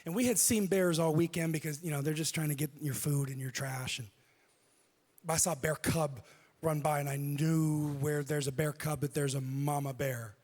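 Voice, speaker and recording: A man preaching a sermon, telling a personal story with lively delivery and acting out what people said. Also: a little high, moderate pace. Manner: animated, acts out quoted speech. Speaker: pastor. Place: church auditorium. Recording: long hall reverb.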